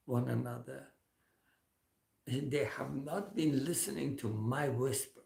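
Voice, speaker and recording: A man minister telling a testimony in slow, earnest storytelling to an online audience. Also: medium pitch, fairly even intonation, gravelly, a little mellow, roomy sound.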